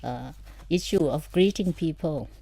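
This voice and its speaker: A woman with a low, mellow voice hosts a casual radio chat. She fills the talk with steady murmured agreement and soft laughter. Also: measured pace, gravelly. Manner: gives constant murmured agreement and laughs softly. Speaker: radio host.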